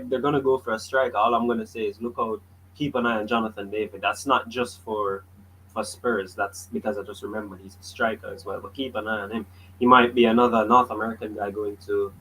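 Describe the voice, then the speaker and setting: A man's voice: fairly low pitch, a bit bright, low-quality recording. Opinionated man in casual sports chat. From Jamaica. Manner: blunt, opinionated, joking. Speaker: podcast co-host. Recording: faint background noise.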